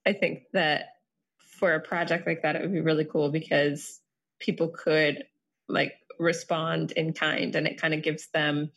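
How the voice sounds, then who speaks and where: A woman's voice: low-pitched, little pitch movement, unhurried, fairly bright tone. A woman chatting casually, rambling along with many "like" fillers. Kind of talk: casual chat.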